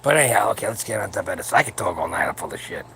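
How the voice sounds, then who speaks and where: A man's voice: fairly low pitch, lively intonation, rapid-fire, creaky, very noisy. A man in his seventies hosting a late-night livestream for his powerlifting channel, talking in a crude, rambling, joking way from home while his wife sleeps nearby. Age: 70s.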